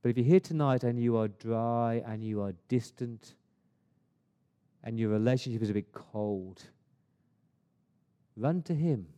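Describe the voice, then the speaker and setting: A man preaching a sermon as pastor, rising to emphatic lists of praise and easing into quiet prayer. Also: medium pitch, fairly even intonation, normal speed, smooth. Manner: builds to emphatic praise, then drops to a soft prayer.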